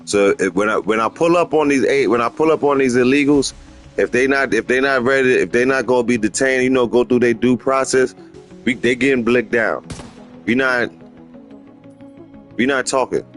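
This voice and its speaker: A middle-aged man hosting a gaming livestream in casual street slang. He rambles and repeats himself for emphasis, jumping into high-pitched voices when he quotes people. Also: moderate pace, faint music behind. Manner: rambling and opinionated, slips into animated high-pitched quoting of others.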